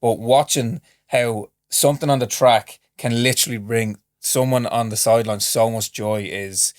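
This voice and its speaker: A man, a former sprinter co-hosting a sports podcast, measured and thoughtful in casual chat. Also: mid-range voice, steady tone. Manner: measured, thoughtful, uses fillers like "you know".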